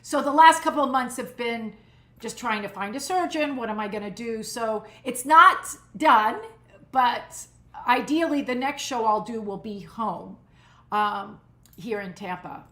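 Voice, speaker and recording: Bright, lively woman in her 60s. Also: on the high side, unhurried. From United States, Cuban community. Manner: animated, laughing storyteller. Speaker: guest. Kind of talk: casual interview chat. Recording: roomy echo.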